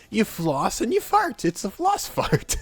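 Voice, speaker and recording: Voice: mid-range voice, huge pitch swings, unhurried, gravelly, soft background music. A streamer from Texas, giving playful, giggly commentary while playing a game and sounding out German ride names.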